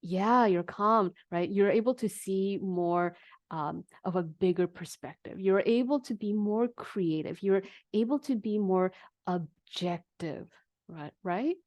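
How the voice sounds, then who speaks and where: A woman coaching a live online negotiation workshop, guiding the audience calmly and asking them questions. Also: medium pitch, unhurried, dry recording.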